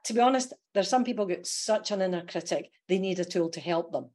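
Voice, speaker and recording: A woman with a Scottish accent, a coach guesting on a podcast, explaining her ideas in a lively way and laughing often. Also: on the low side, brisk. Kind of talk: casual podcast interview.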